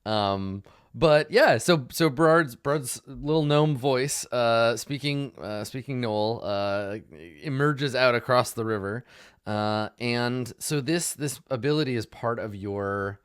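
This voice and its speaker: A man narrating as game master in a tabletop game, talking in a relaxed, halting way with many fillers. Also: medium pitch, clean tone.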